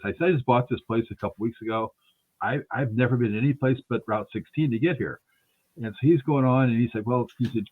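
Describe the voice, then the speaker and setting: A man's voice: mid-range voice, fairly quick, breathy edge. A man hosting a radio interview, telling a rambling anecdote and acting out the dialogue in it. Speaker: radio show host. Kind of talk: casual storytelling interview. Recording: tinny phone-line sound.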